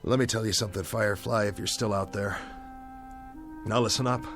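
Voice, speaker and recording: An actor playing a stranded, shaken pilot who rambles over the radio in a radio drama, asking himself questions. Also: male voice, on the low side, steady tone, fairly quick, natural voice. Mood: shaken, rambling. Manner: rambling, questioning, half-laughing monologue. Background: music score.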